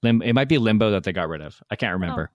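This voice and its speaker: A man's voice: fairly low pitch, lively intonation, racing, no echo. A man guesting on a podcast in casual chat, adding dry, wry jokes.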